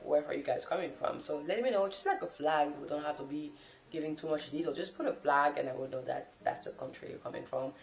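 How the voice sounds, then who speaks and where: A woman's voice: low voice, fast talker, creaky, roomy sound, faint music behind. A woman and non-native English speaker, rambling in an unscripted, casual vlog talk from the floor of her room. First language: not English. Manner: rambling, chatty, self-correcting. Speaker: language-learning vlogger. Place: sitting on the floor in a room at home. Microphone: camera mic.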